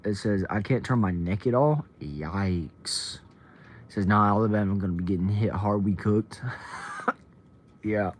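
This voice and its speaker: Speaking a little slowly in a lowish voice, a young Texan livestream host chats casually with his audience. He reads their comments out loud and says hello to people by name.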